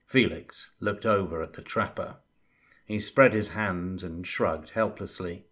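A man reading a fantasy novel aloud as narrator, in a measured, even storytelling manner. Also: low-pitched, husky. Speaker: audiobook narrator.

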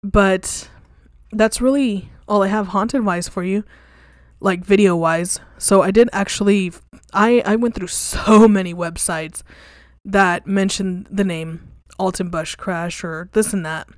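A young woman hosting a podcast tells a ghost story about hauntings in a casual, blunt and candid way, swearing freely and relying on fillers like "like" and "you know." Her middle-pitched voice is unhurried with fairly even intonation. The recording is dry and close, without any room sound.

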